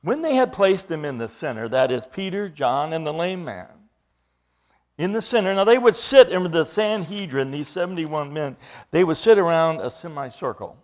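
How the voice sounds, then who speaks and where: A male preacher delivering an expository sermon in a fairly high voice that swings widely in pitch. He talks emphatically, repeats phrases to drive points home, and puts pointed questions to his listeners. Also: animated, normal speed, a little mellow.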